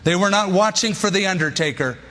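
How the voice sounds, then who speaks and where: A pastor delivering a sermon in short, emphatic, punchy lines. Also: male voice, high voice, a little fast, fairly bright tone, long reverb tail, a little hiss or hum.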